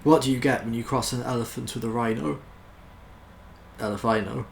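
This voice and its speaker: A man's voice: medium pitch, fairly even intonation, a little fast, vocal fry, roomy sound, slight background noise. A British man from the UK casually reading jokes aloud in an amused, self-mocking way. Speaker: YouTuber.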